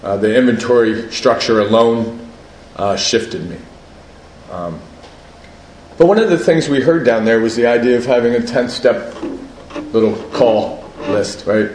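A man's voice: medium pitch, lively intonation, unhurried, long pauses, darkish tone, roomy sound, slight background noise, rough recording. A man giving a personal share at a recovery meeting, conversational, often asking "right?" and laughing at himself.

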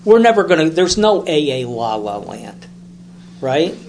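A man's voice: fairly high pitch, sing-song, unhurried, a little mellow, slight background noise. A man telling a story at a recovery meeting in casual, rambling talk, repeating words and acting out voices as he goes.

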